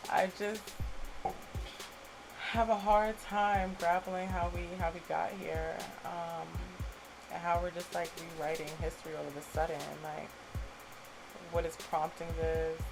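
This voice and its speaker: A woman as guest host in a casual podcast chat, speaking in a measured, questioning way. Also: on the low side, fairly even intonation, vocal fry, over music, rough recording.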